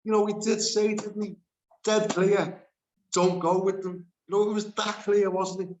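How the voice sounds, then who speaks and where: Animated man teaching scripture. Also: high voice, moderate pace, reverberant, dull audio. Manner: animated, laughs between points, reads scripture aloud. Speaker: Bible teacher. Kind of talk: Bible study teaching.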